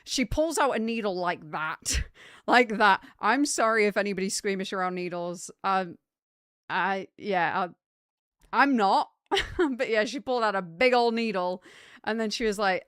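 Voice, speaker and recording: A young woman talks to her stream in a loose, rambling way, with plenty of fillers and restarts. Her voice is smooth and clear, and the sound is close and dry with no room echo. She sits in the middle of the usual pitch range for women. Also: measured pace, a bit bright. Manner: chatty, rambling storytelling with many fillers. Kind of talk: casual chat with live chat.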